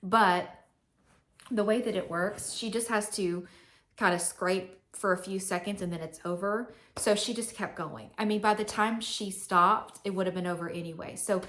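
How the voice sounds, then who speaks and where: A woman's voice: mid-range voice, moderate pace, fairly bright tone. A young woman vlogging to camera, telling a personal story in a chatty, candid way with many fillers.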